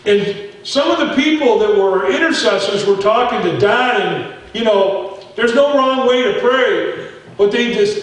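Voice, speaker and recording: A man's voice: high-pitched, animated, moderate pace, heavy reverb, distant mic, poor audio. A man preaching a sermon as pastor, telling stories in a folksy way and talking straight to his folks in the pews. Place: church sanctuary.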